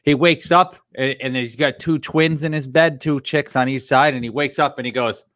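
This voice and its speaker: A man co-hosts a podcast in chatty, casual conversation. His mid-range voice is fairly bright with fairly even intonation and a moderate pace, recorded dry in clean studio sound.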